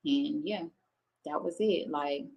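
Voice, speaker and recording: A young woman's deep, creaky voice comes out slow and a little mellow as she streams to her viewers. Casually chatting from home, she tells a personal story with candid emotion and free swearing. The audio is poor.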